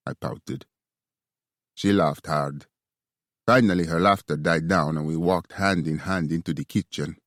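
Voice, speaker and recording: A man giving a steady, even reading of first-person romance audiobook narration. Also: rumbling low, normal speed, dry recording, studio quality.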